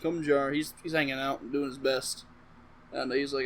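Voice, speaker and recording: A slightly higher-pitched man talks straight to the camera, recapping a film in an offhand, rambling way. He swears freely and keeps breaking off into side comments. A faint hum of room ambience sits behind him. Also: fairly even intonation, moderate pace, low-quality recording. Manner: profane, offhand and rambling, with self-interrupting asides. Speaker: comedic vlogger. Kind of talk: casual rambling movie recap.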